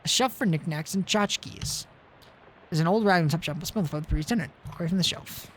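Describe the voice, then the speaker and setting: A man's voice: high voice, a little fast, slight background noise. A man streaming a video game, giving casual commentary with wry joking asides.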